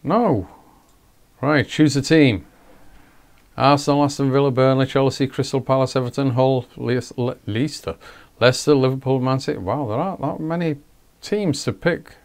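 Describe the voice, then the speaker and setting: A man's voice: mid-range voice, fairly even intonation, normal speed, creaky. Rambling man narrating a game. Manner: rambling, self-mocking, talks to himself while clicking menus. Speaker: gaming video host. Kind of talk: casual gameplay commentary.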